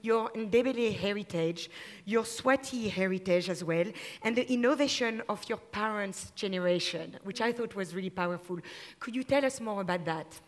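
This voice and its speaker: A woman's voice: medium pitch, normal speed. French-accented woman moderating a panel. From France. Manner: enthusiastic, with frequent fillers and restarts. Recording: long hall reverb.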